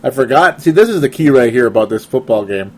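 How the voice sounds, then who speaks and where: A man's voice: mid-range voice, lively intonation, fast talker. A young man hosting a casual sports talk show, rambling and laughing often as he reads listener comments. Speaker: podcast host.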